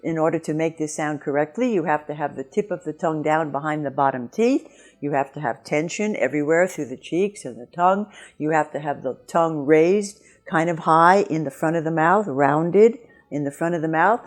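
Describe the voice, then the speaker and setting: Low-voiced woman teaching pronunciation. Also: moderate pace. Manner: clear, patient explanations with modeled example words. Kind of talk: online pronunciation lesson.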